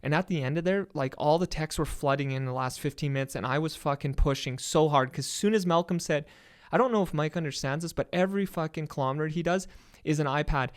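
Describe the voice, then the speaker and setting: A young Canadian man, a podcast guest, telling a story in an excited, casual way with a lot of swearing. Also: a little high, fast talker, clean tone.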